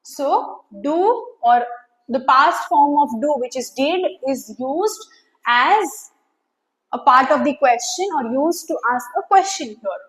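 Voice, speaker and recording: A high-pitched woman teaching English grammar at an unhurried pace, pausing often with fillers as she explains. Her voice rings in an echoey room with a long reverb tail. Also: lively intonation, fairly bright tone. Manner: slow, explanatory, with many fillers and pauses. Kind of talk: classroom grammar lesson.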